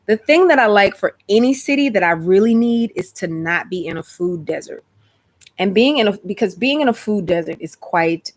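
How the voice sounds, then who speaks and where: A woman's voice: medium pitch, animated, normal speed. A woman hosting a casual chat stream, rambling and talking straight to her viewers. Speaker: host.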